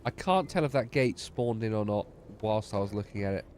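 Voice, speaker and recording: A man's voice: on the low side, fairly quick, a little mellow, slight background noise. Tired man, wry game commentary. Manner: wry, sardonic asides. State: tired and yawning. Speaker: streamer. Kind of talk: gameplay commentary.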